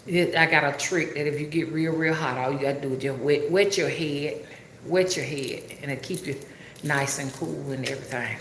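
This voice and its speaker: A woman's voice: low voice, moderate pace, a bit bright, echoey room, slight background noise. A woman with a Southern Alabama drawl, talking casually and rambling to a livestream audience, often asking if they understand. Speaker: spiritual rootworker livestreamer.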